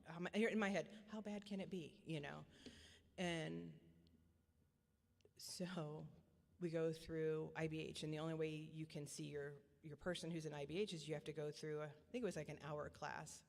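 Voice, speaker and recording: A middle-aged woman giving a personal testimony as a parent, earnest and repetitive, often halting and restarting her sentences. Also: low voice, steady tone, creaky. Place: church hall. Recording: long church hall reverb.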